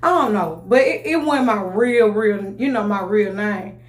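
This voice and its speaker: A woman telling a personal story to camera in a loose, animated way, full of restarts and asides. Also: mid-range voice, a little slow. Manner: animated, full of restarts and "you know what I'm saying". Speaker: vlogger telling her story. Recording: echoey room.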